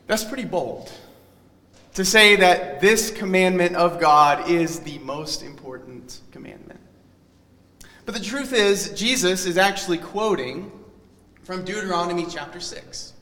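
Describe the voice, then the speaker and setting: A male pastor delivering a sermon in an earnest, teacherly way, pressing key words and trailing off softly at the ends of phrases. His voice sits a little high for a man. The sound carries a long reverb, as in a church sanctuary. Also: lively intonation, normal speed.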